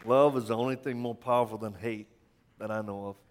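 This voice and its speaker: Impassioned preacher in a reverberant church. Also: male voice, fairly low pitch, steady tone, fairly quick, crowd noise, background noise. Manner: impassioned with rhetorical questions and stammered restarts. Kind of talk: sermon. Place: church sanctuary. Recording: long church hall reverb.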